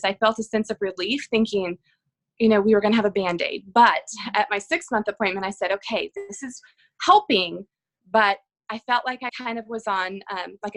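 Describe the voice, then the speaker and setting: A woman in her thirties telling her own story in a casual interview, earnest and halting, with frequent ums and restarts. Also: fairly high pitch, a bit bright, low-quality recording. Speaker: guest sharing her health story.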